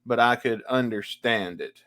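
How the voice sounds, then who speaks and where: A tired man co-hosting a podcast, in a plain mid-pitched voice. He tells stories in a laid-back, easy way while chatting casually. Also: a little slow, fairly bright tone. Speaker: podcast co-host. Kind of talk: casual chat.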